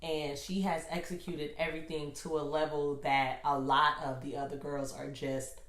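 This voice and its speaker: Young woman co-host, lively and chatty, lower-pitched, echoey room. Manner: chatty, animated, quick to laugh. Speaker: co-host and beauty segment presenter. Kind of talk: casual review chat.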